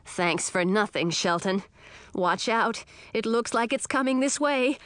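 A woman's voice: fairly high pitch, lively intonation, unhurried, clear, resonant tone, dry recording. A woman reading an audiobook, voicing a brave, protective young man with a dry, terse way of talking. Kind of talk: audiobook character voice.

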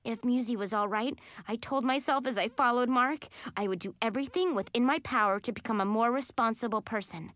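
Expressive woman, children's book narrator, bright and very lively. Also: on the high side, no echo, clean studio sound. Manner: animated, expressive. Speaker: audiobook narrator.

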